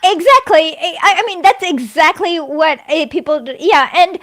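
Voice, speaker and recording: Woman, high voice, quick animated talk, lots of fillers, casual political chat. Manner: fast, animated, many fillers and restarts.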